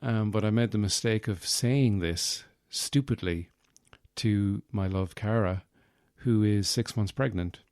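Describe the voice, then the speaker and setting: Lowish and a little mellow, this male podcast host speaks at a measured pace with no echo around him. He drifts through a self-mocking comic monologue, meandering and packed with fillers, close on the mic.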